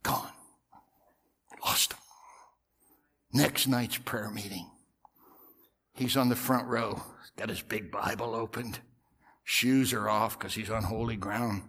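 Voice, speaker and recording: A middle-aged male pastor telling a story in a sermon, swinging from loud outbursts to hushed whispers. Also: fairly low pitch, fairly even intonation, slow, long pauses, breathy edge.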